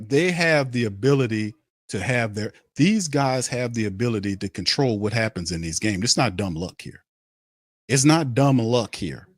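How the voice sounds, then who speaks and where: A man's voice: medium pitch, dry recording, clean studio sound. Angry New man ranting. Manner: angry, mocking, repetitive ranting. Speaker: sports podcast host. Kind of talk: heated sports rant.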